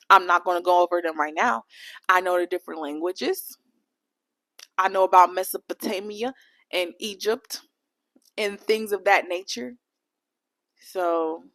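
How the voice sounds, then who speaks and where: Alone on her podcast, a young adult woman with a mid-range, fairly bright voice chats casually. She's playful, candid, and foul-mouthed, wandering loosely between topics.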